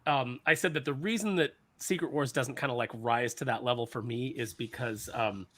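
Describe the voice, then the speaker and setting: A man's voice: medium pitch, normal speed, fairly bright tone. A man chatting casually on a comics talk show, enthusiastic and rambling with many fillers. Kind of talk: casual chat.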